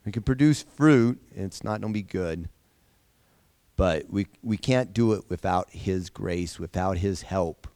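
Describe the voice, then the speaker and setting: A man's voice: low voice, a little slow, warm tone, no room sound. A man leading an informal Bible lesson for a group, talking conversationally, repeating phrases and asking the class questions. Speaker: Bible study teacher.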